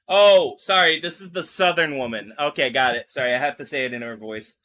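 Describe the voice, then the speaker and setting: High, lively young male game streamer. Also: measured pace. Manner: chatty and jokey, reads game lines aloud, talks to chat. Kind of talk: live game stream commentary.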